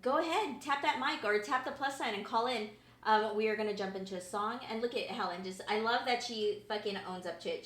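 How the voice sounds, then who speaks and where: A woman's voice: fairly high pitch, fairly quick, few pauses, fairly bright tone, reverberant. A woman co-hosting a casual podcast, playful and often laughing as she talks. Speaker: podcast co-host. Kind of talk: casual chat.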